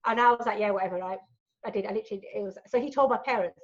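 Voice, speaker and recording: A woman's voice: on the high side, rapid-fire, lo-fi sound. A woman, a guest in a casual interview, telling her stories candidly and swearing freely. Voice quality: frank and animated, swears freely.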